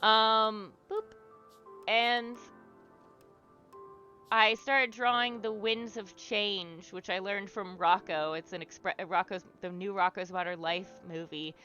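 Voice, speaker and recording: Drawing on a livestream, this young woman leads an art therapy exercise and chats casually, rambling with lots of fillers and restarts while encouraging her viewers. Her medium-pitched voice is slow and fairly even in intonation, with a sharp tone. The highs are cut off, and faint music plays behind her.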